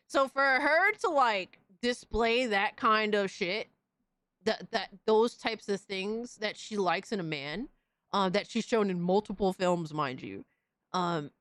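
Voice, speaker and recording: A woman hosting a live stream, reading chat messages aloud and reacting in an excitable, profane, casual way. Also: mid-range voice, no room sound, clean studio sound. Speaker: livestream host reading chat.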